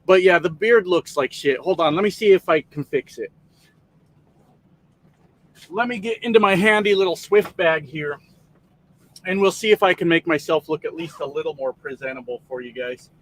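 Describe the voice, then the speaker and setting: Profane rambling trucker streamer. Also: male voice, on the high side, moderate pace, pauses often. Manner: profane, rambling, reads out chat names. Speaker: trucker livestream host. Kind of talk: casual livestream chat. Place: parked truck sleeper cab.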